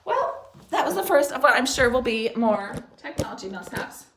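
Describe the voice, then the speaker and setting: A woman teaching third graders a spelling lesson, dictating words slowly and clearly in an encouraging way. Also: high voice, very animated, heavy background noise. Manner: slow, clear, encouraging classroom delivery. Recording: roomy echo.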